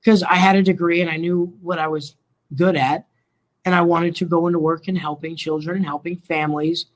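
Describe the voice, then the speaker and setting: As a guest in an interview, a middle-aged man who works in mental health and comes from Colorado and Oklahoma tells his story loosely and at length, acting out what people said. His pitch is fairly high and his pace fairly quick.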